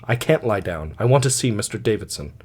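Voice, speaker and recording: A man's voice: fairly low pitch, lively intonation, fairly quick, darkish tone, breathy edge. A man reading aloud, voicing a desperate young woman fugitive who pleads breathlessly. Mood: subdued. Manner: breathless, imploring.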